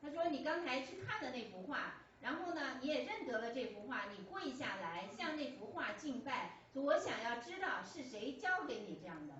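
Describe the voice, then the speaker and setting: A woman's voice: high-pitched, big pitch swings, a little fast, few pauses, a bit bright. Woman interpreting a sermon in church. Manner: hesitant, frequent fillers and restarts. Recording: echoey church hall, distant mic, dull lo-fi, faint hum.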